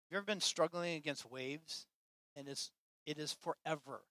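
A man preaching a sermon to his church with passion, swinging between loud, emphatic lines and quiet, hushed ones. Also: a little high, normal speed, dry recording. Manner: impassioned, swinging from loud to soft. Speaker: pastor.

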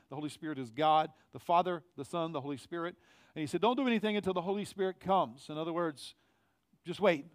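A middle-aged male pastor preaching a conversational sermon in church, growing loud on key phrases. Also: on the high side, clean tone, dry recording. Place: church sanctuary.

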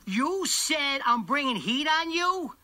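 An actor playing a volatile, middle-aged mobster who hurls profane threats, heard in a film clip. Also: male voice, very high-pitched, very animated, slow, full character voice. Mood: raging. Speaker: film character. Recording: film clip with loud background noise.

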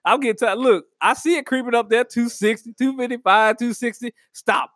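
High-voiced man ranting. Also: brisk, dry recording, studio quality. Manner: animated, rambling, laughs at own jokes. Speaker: comedic vlogger. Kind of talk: casual comedic monologue.

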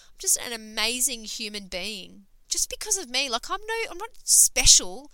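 A woman's voice: a little high, lively intonation, moderate pace, bright, forceful tone, clean tone, no room sound, poor audio. A woman hosting a podcast, talking in an emphatic, sweary, casual motivational monologue full of fillers. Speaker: podcast host and coach.

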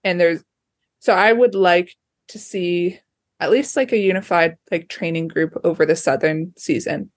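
A woman's voice: lowish voice, moderate pace, dry recording, studio quality. A young woman from Australia, a ski racer chatting casually as an interview guest, full of fillers and restarts.

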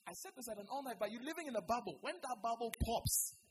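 A preacher giving a church sermon to the congregation, swinging between loud exhortation and quiet pleading. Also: medium pitch, expressive, fast talker, background noise. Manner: addresses the congregation directly with repeated calls. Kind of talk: sermon with altar call. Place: church service.

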